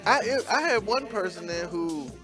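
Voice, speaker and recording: A man's voice: high voice, lively intonation, a little slow, music in the background. A man from Virginia co-hosting a radio show, rambling casually with lots of fillers. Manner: loose, rambling, full of fillers. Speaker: radio show co-host and rapper. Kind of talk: casual chat.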